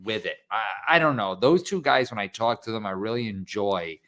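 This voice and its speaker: A man on a sports podcast, giving opinions in a halting way and repeating words as he thinks aloud. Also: on the low side, fairly bright tone. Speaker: podcast co-host or guest. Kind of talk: casual sports podcast chat.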